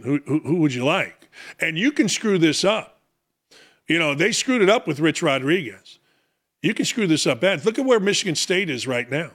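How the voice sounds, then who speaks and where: A middle-aged man hosts a sports talk show with a high voice that leaps all over the place. He rants through an opinionated monologue, pokes fun at himself and keeps pressing rhetorical questions. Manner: animated, self-mocking, hammering rhetorical questions.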